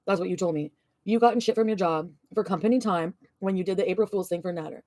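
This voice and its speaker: A woman's voice: fairly low pitch, quick pace, dark tone, dry recording, studio quality. A woman vlogger venting and ranting, swearing often and rambling. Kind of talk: ranting vlog.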